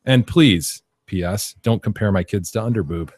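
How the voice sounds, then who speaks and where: A man in his thirties, a podcast host, reading listener emails aloud in a wry, deadpan way and swearing now and then. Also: on the low side, normal speed, slight background noise. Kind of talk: casual chat.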